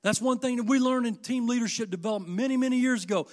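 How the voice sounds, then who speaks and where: A middle-aged man preaching a sermon, folksy and impassioned, moving between hushed asides and loud, emphatic peaks. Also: very high voice, fast talker, hardly any pauses.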